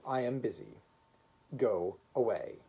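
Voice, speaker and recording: A man's voice: lowish voice, lively intonation, takes it slowly, vocal fry, warm tone, slightly rough, full character voice. A man voicing a fretful flustered old painter. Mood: protesting. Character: frail fretful male painter, flustered and pleading.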